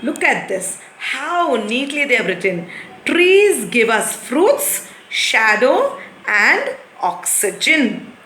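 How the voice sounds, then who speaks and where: A woman teacher giving a lesson to young children, explaining patiently and repeating things slowly. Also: a little high, sharp tone, a little hiss or hum. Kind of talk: recorded classroom lesson. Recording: echoey room.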